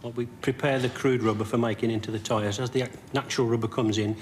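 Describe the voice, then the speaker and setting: Middle-aged male contestant, earnest, plain-spoken, mid pitch, faint rumble. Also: steady tone, fast. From West Midlands of England.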